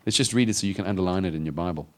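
A man's voice: sits low, very fast. A middle-aged male pastor preaching a sermon, who acts out the voices of the people in the story. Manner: animated, acts out voices of Bible figures.

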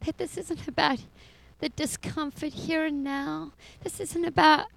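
A woman's voice: high voice, steady tone, a little slow, creaky, fairly bright tone, low-quality recording. A middle-aged woman giving a personal faith testimony as a foster mother, telling her story expressively and laughing often.

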